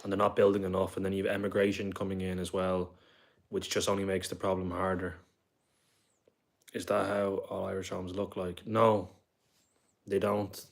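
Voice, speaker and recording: A man's voice: sits low, monotone, normal speed, creaky, long pauses. A young man in his twenties chatting casually on a livestream, reading viewer comments aloud and answering them in a rambling way.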